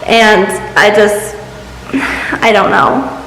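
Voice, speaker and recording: A young woman vlogging a personal confession, talking in a halting, emotional way with many restarts. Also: mid-range voice, little pitch movement, a bit bright, slight background noise. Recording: echoey room with long reverb.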